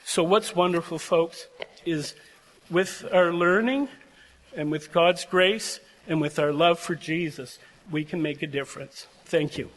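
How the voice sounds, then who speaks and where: An older man talks unhurriedly in a slightly high, somewhat bright voice to a class of seminary graduates. His address is heartfelt and earnest, built on personal stories that bring him near tears, with long reverb from the large chapel.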